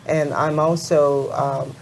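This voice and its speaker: Low-voiced woman panelist with noisy hiss. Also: level tone, slow pace, vocal fry. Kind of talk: panel introduction.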